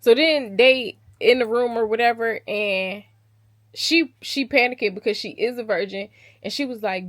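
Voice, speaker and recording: A chatty woman with a fairly high voice retells a romance plot in a loose, casual way. She is animated and laughs often as she talks. The tone is relaxed book-vlog chat. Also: moderate pace, no echo, clean studio sound. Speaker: book vlogger host.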